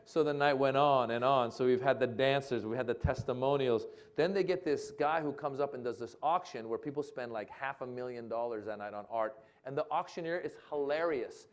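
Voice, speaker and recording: A male comedian telling a long anecdote at a live talk event, acting out voices and shouting for laughs. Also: medium pitch, quick pace, hardly any pauses. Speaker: comedian guest. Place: lecture event with audience.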